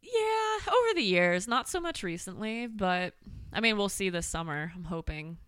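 A woman's voice: medium pitch, big pitch swings, moderate pace, fairly bright tone, clean tone, no room sound. A young woman from Pennsylvania with a Pennsylvania accent, chatting casually as a podcast guest, laughing often and poking fun at herself. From Pennsylvania, USA. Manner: laughs often, playful and self-mocking. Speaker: country pop singer, podcast guest. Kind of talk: casual chat.

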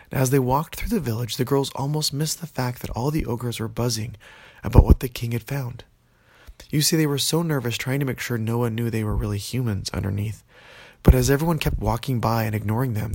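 A man narrating a children's fantasy story in a gentle, unhurried way. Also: mid-range voice, vocal fry, husky, no echo.

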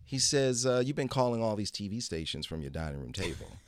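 A man's voice: fairly low pitch, sing-song, a little fast. A man telling a long story as a guest, acting out other people's lines in his own voice and repeating "he goes". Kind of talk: casual storytelling.

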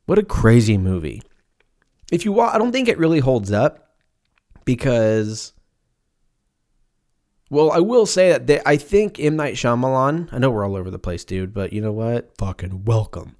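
A man's voice: mid-range voice, very animated, moderate pace, long pauses, a little mellow. An American man in his thirties with a slight lisp, hosting a podcast in casual, profane, joking chat and stumbling over words. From United States. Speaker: podcast host.

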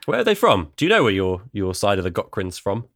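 A man with a lowish voice chats casually and teases good-naturedly, laughing easily. The sound is dry and close, with no room echo. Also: huge pitch swings, quick pace, fairly bright tone. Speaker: podcast co-host. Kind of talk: casual chat.

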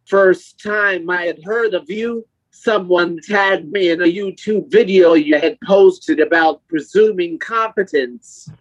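A synthetic male voice from a communication device, pitched fairly high and evenly paced. The sound is dry, with no room around it, and slightly dull and muffled, as if sent over a video call. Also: slow pace, no echo. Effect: text-to-speech device voice. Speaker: guest speaker.

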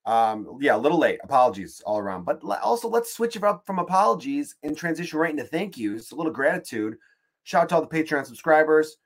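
A man's voice: fairly high pitch, animated, fast. A man hosting his own podcast, rambling through a casual comedic monologue and swearing freely. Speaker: podcast host.

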